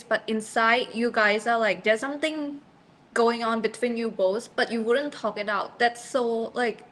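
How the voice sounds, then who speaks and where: A woman's voice: on the high side, fairly even intonation, a little slow, a bit bright, poor audio. A young woman in a casual student discussion, speaking with frequent "like" fillers and giving direct opinions. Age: young adult.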